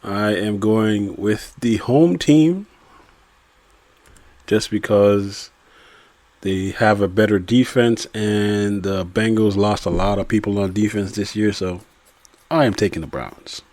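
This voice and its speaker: Low male host, dry close sound, reads matchups and odds, casual. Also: slow, a little mellow, no echo. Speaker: podcast host running weekly picks. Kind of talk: casual chat.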